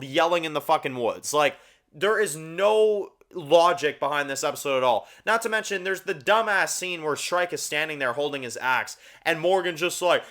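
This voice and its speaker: A man hosting a casual TV review channel, tearing into episodes with blunt, exasperated swearing. His voice sits a little high for a man and sounds bright and sharp, and he repeats words to hammer his points home. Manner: frequent fillers, repeats words for emphasis. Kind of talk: casual ranked-review rant.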